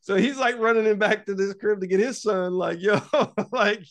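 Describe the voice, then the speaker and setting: A man's voice: high voice, moderate pace. A man hosting a podcast, casually and profanely retelling a horror film scene with lots of fillers and acted-out lines. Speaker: podcast host.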